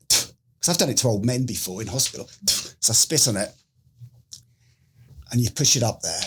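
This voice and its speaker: A man's voice: on the low side, fairly quick, breathy edge. A middle-aged British man, a former special forces medic, telling a story in a casual interview and acting out what people said. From United Kingdom. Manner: animated storyteller who acts out quoted lines.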